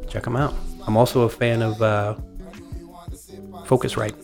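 A man's voice: on the low side, flat delivery, normal speed, vocal fry, darkish tone, faint music behind. A man co-hosting a casual podcast, telling stories in a profane, joking way. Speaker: podcast co-host.

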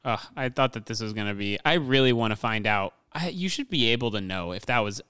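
Bright, smooth-voiced man ranting casually. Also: mid-range voice, brisk, dry recording, studio quality. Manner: swears a lot, laughs often, animated ranting. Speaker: podcast co-host. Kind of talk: casual movie review chat.

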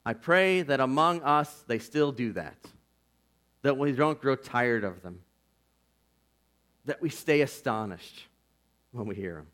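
A man preaching a sermon as pastor, earnest and conversational, swinging from loud declarations to hushed asides. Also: medium pitch, lively intonation, slow, pauses often. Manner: earnest and conversational, with "like" and "you know".

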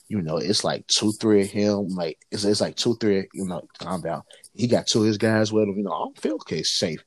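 A man in casual chat, telling profane, animated stories as a co-host. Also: on the low side, moderate pace, husky, no room sound. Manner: animated, profane, lively storyteller.

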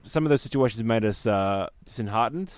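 A man's voice: on the low side, animated, moderate pace, darkish tone, clean tone, no room sound. Rambling man, dry close sound. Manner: rambling, many fillers and restarts, earnest. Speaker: drummer on commentary track. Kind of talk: casual chat. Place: backyard shed.

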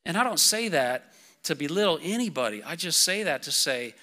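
A man preaching a sermon to his church, reading scripture and speaking casually with lots of fillers, getting excited and then calming down. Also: fairly quick. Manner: excitable, casual fillers, builds to shouts then drops low. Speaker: pastor.

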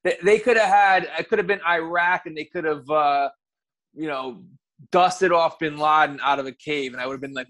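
A man from the United States in casual, profane, animated chat as a podcast co-host. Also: on the high side, normal speed.

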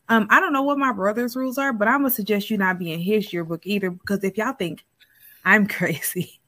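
A woman's voice: medium pitch, dry recording. A woman co-hosting a podcast, telling stories in casual chat and laughing often. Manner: laughs often, animated storytelling. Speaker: podcast co-host.

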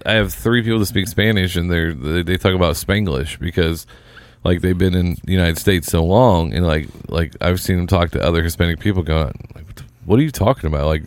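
Male co-host with a deep voice, wisecracking, dry mic. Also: clear, resonant tone, dry recording. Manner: joking, quick quips. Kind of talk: casual chat.

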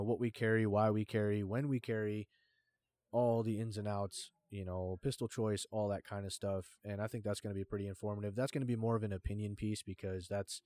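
Low-voiced, blunt, swearing podcast host. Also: male voice, mellow, dry recording. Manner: blunt, swears a lot, many fillers. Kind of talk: casual podcast chat.

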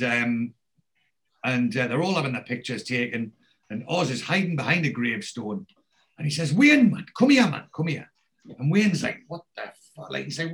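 A man hosting a podcast, recapping a TV episode casually and acting out the characters' lines as he goes. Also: medium pitch. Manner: animated storyteller acting out quoted lines. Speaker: podcast host.

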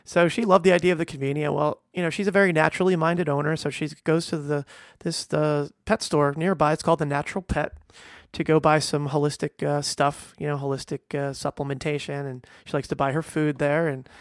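A man's voice: a little high, flat delivery, fairly quick, dry recording, studio quality. A middle-aged man, a veterinarian, talking casually and earnestly, stressing points with restarts and fillers. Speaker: veterinarian and podcast host. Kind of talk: casual monologue.

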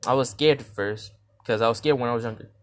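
A young man hosting his first podcast, retelling a dream in a casual, rambling way with slang and restarts. He acts out his own reactions, jumping suddenly from loud, high shouts to quiet mutters. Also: quick pace. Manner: animated retelling that acts out his own reactions with big jumps in pitch and loudness. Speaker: podcast host. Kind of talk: casual dream storytelling monologue.

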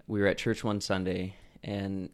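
A young man from Idaho, a podcast guest telling stories in a relaxed way, with lots of fillers. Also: low-pitched, normal speed, clear, resonant tone. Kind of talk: casual storytelling.

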